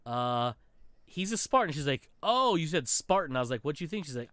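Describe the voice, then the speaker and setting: Guy cohosting a gaming podcast, super lively voice jumping all over, dry close mic, cursing a lot. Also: a little high, fairly quick, smooth, no echo. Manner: animated storytelling, swearing, acts out quotes. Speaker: podcast co-host. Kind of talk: casual gaming chat.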